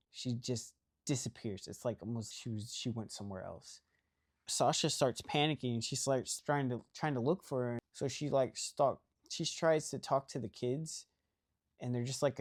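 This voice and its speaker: A young man with a mid-range, somewhat dark voice casually recaps a movie's plot. He rambles, packing his speech with "like" and "right?"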